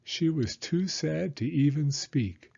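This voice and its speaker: A man reading a children's picture book aloud in an expressive, animated storytelling manner. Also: fairly high pitch, takes it slowly, creaky, husky, lo-fi sound. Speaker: storybook reader.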